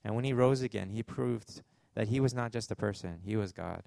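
Gravelly Canadian man preaching. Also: fairly low pitch, brisk, mellow. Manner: conversational preaching with asides and fillers. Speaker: pastor. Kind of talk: sermon.

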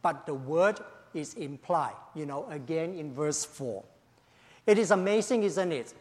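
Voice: mid-range voice, expressive, measured pace, darkish tone. An emphatic pastor preaching a sermon after an opening prayer. The speaker hammers home key phrases by repeating them and leans on "you know" between thoughts. The voice rings out with a long reverb tail, as in a large church hall.

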